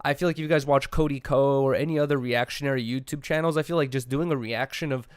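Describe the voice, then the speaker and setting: Fast-rambling young man, dry sound. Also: medium pitch, steady tone, smooth, no room sound. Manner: fast, rambling, full of fillers and restarts. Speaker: podcast co-host. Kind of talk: casual chat. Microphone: podcast mic.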